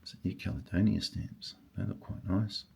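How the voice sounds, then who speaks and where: Older male hobby vlogger, husky, deep and gravelly, excitable muttering to himself. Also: moderate pace, a little hiss or hum. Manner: excitable, murmurs and exclaims to himself. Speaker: stamp collector. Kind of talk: casual vlog, thinking aloud while sorting.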